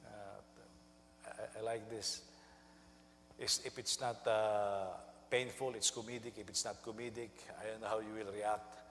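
A male senior pastor preaching a sermon, animated and storytelling, who jumps into high voices to act out quotes. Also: measured pace, big-room sound, slight background noise.

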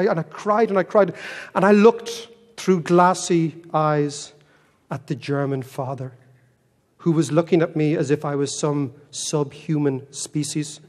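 Wry Irish man in an echoey hall. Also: sits high. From Ireland. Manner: storytelling, wry and animated, self-mocking. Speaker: keynote speaker. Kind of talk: humorous keynote talk. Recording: echoey hall with long reverb.

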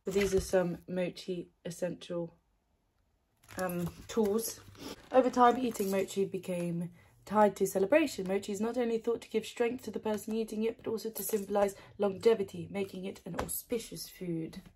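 A woman doing ASMR snack tasting, soft-spoken, giggly and gushing into a close microphone. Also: medium pitch, normal speed, a little hiss or hum. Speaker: ASMR creator.

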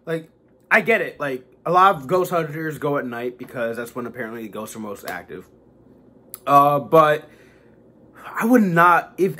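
A young man reacting casually to a video, excitable and swearing often. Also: fairly high pitch, slightly rough. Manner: excitable, swears a lot, says bro.

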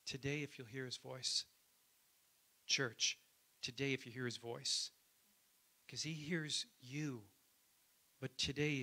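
Preaching on a Sunday, this male pastor speaks in a mid-range voice with a bright, forward quality. His tone stays conversational as he asks the church to give him an amen.

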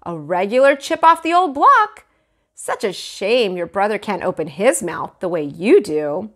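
A woman's voice: mid-range voice, big pitch swings, unhurried, a bit bright. A woman voicing a kindly, playful male dentist who coaxes a small child, reading a storybook aloud. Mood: coaxing. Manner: coaxing, teasing.

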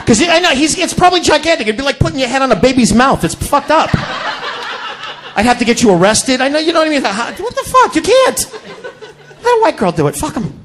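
Man, stand-up comedian, high-pitched, lively delivery, profane, club stage mic. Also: brisk, noisy background. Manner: crude, loud, profane, yelling punchlines. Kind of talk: stand-up routine.

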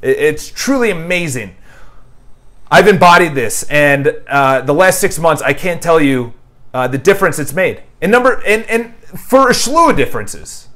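A man with a high, light voice delivers an emphatic, motivational book review. He talks casually to the camera and hammers his points home by repeating them and firing off lists of questions. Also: animated, normal speed, fairly bright tone. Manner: quotes an author's dialogue in paraphrase. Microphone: new microphone, home video.

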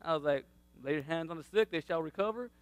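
Animated high-voiced man telling a testimony. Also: fast, clean tone, no room sound. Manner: animated, laughs often, acts out quotes. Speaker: father sharing faith testimony. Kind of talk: casual testimony.

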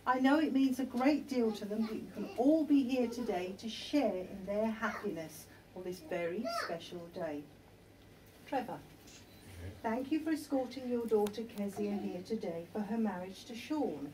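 A woman registrar leading a wedding ceremony in a measured, formal manner. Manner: measured, formal, lively pitch. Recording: distant mic with background noise.

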